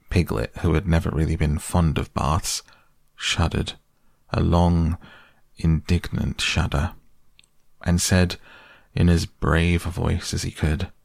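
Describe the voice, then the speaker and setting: A man reading a children's storybook aloud in an unhurried, gentle way. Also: deep voice, little pitch movement, gravelly, no room sound, studio quality. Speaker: narrator.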